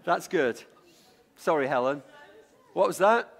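A middle-aged English preacher from Lancashire tells the congregation about his childhood in a conversational sermon, repeating words mid-sentence and prompting them to call out guesses. His voice is on the high side, expressive and husky with vocal fry, and his pace is a little slow.

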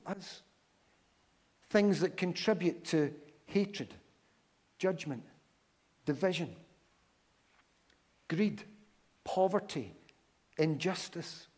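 A man preaching a sermon, building long lists in a slow, deliberate delivery with pauses, then reading scripture aloud. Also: mid-range voice, a little mellow. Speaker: pastor.

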